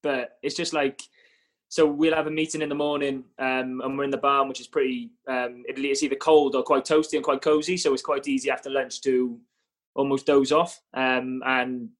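A man's voice: medium pitch, level tone, moderate pace. A young Welsh man with a Welsh accent, chatting casually and modestly on a podcast, with lots of fillers. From Wales. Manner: modest, filler-heavy, laughs easily. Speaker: guest rugby player.

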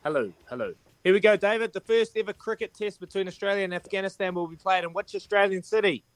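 A man's voice: high voice, fast, no room sound. A man hosting a breakfast radio quiz, cheery and matey as he counts down the answers.

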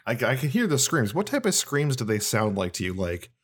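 A man's voice: mid-range voice, big pitch swings, brisk. A tipsy man co-hosting a podcast, teasing his co-host in casual chat. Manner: playful, teasing.

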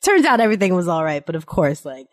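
A woman host in casual chat, playful and quick to laugh. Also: on the low side, very animated, no room sound, studio quality. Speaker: podcast host.

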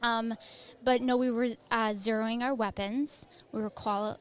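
A woman's voice: on the high side, steady tone, a little slow, clear, resonant tone. A woman in her thirties, an Army veteran, chatting casually as an interview guest and filling her talk with "like" and "um". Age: 30s. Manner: chatty, many fillers of "like" and "um".

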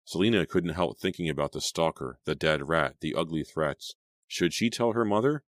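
Very deep-voiced male audiobook narrator. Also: dry recording, studio quality. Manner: steady, measured reading.

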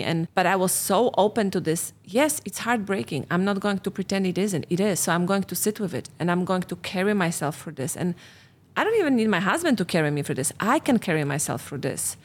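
A middle-aged woman, a relationship coach and guest, speaking earnestly and reflectively in long flowing thoughts. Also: on the low side. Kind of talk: reflective personal conversation.

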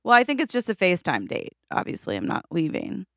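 Co-host: woman, animated and self-mocking, smooth voice, dry close sound. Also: medium pitch, fast, no echo. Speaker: podcast co-host. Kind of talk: casual chat.

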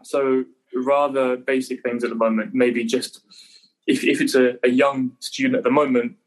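A young man from England talking in a casual podcast interview. He speaks at a middling pitch, hesitating and restarting as he works out his answers. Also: level tone, normal speed, poor audio. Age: 20s. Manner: hesitant, restarts, thinking aloud. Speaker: guest, conservatoire pianist.

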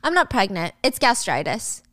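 A woman's voice: medium pitch, very animated, normal speed, fairly bright tone, no echo, studio quality. A woman voicing a weary, fed-up woman in her thirties. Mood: cool.

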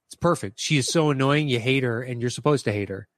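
A man chatting casually about a TV comedy, animated and swearing, acting out quoted lines in passing. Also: mid-range voice, fast talker, dry recording. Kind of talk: casual chat about a TV show.

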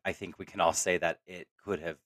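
Fast-talking deep-voiced man. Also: no room sound. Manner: animated, acts out quoted lines, laughs often. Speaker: podcast co-host. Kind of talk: casual film discussion.

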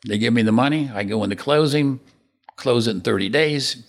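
Gravelly older man telling stories. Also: medium pitch, fairly quick. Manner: rambling anecdotes, acts out dialogue. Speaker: podcast guest, real estate developer. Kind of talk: casual storytelling interview.

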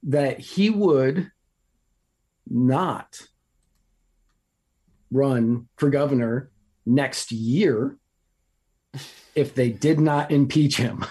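A man with a husky, mellow voice co-hosts a chatty podcast. He explains events step by step in a measured way and slips in wry asides. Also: medium pitch. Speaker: podcast co-host. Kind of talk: casual political comedy chat.

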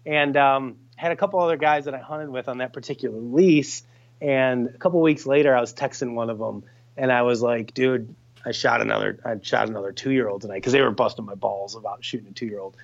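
A man telling a hunting story in a casual, animated way, cursing freely and acting out his buddies' lines. His voice sits in an average range. The recording is a bit dull and lo-fi. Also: medium pitch, fairly quick. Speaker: guest hunter telling a story.

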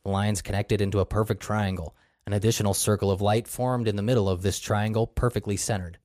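Man, podcast co-host, deadpan, crude jokes, mellow voice, dry sound. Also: fairly low pitch, fast talker, no room sound. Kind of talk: casual chat, reading from a book aloud.

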